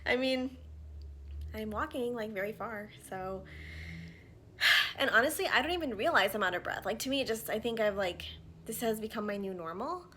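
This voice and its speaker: A woman's voice: fairly high pitch, lively intonation, quick pace. Thirties woman vlogger, casual chat at home, slightly winded, a faint hiss behind her. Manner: chatty, filler-heavy, drops to soft asides while applying makeup. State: slightly out of breath from pregnancy. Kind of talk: casual get-ready-with-me chat. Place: at home, indoors.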